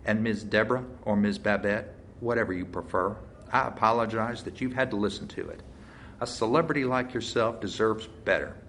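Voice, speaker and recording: A man voicing a polite small-town sheriff's deputy who speaks in a calm, matter-of-fact way. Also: fairly low pitch, fairly quick, a little hiss or hum, close to an everyday voice.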